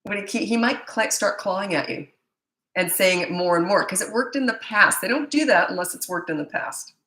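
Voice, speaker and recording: A woman's voice: medium pitch, brisk, a bit bright, reverberant, low-quality recording. A woman in her fifties, a parenting coach, answering viewer questions in a chatty, blunt way, with stammered restarts. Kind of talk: live Q&A answering viewer comments.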